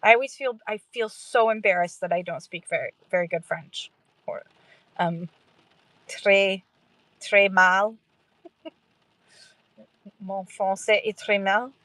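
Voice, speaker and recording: Woman, mid-pitched, chatty stream host, rambling and self-mocking, dry recording. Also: fairly bright tone, no room sound. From Canada. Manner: chatty, rambling, self-deprecating, laughs often. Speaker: livestream host for sellers. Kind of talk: casual livestream chat.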